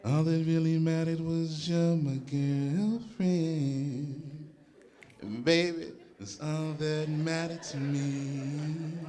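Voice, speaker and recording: A man's voice: on the high side, fairly bright tone. A man performing explicit spoken word poetry live on stage, mixing song and banter with the crowd. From Oakland.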